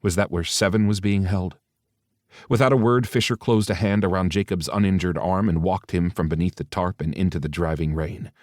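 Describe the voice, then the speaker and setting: A man reading an audiobook in steady, even scripted narration. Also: low-pitched, fairly quick, no room sound, studio quality.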